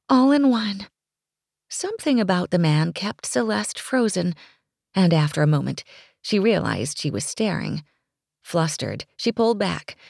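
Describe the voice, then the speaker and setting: Low, gravelly woman narrating a romance. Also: no echo, studio quality. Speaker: audiobook narrator.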